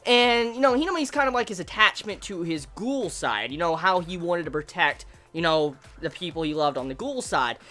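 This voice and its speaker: A woman giving an excited, casual manga review, swearing freely and bursting into shouts. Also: on the low side, normal speed, hardly any pauses, faint music behind.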